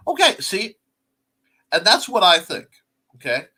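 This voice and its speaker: A man's voice: sits high, sing-song, moderate pace, pauses often, bright, forceful tone. A man hosting a casual livestream chat show, rambling with lots of fillers and restarts as he talks to his viewers. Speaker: talk show host.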